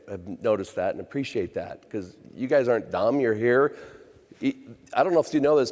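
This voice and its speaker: A man's voice: medium pitch, a little mellow. A middle-aged man giving a conference keynote, telling self-deprecating stories and acting out the people in them. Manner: anecdotal, self-deprecating, acts out quoted voices. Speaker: chief revenue officer. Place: conference stage. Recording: reverberant conference hall.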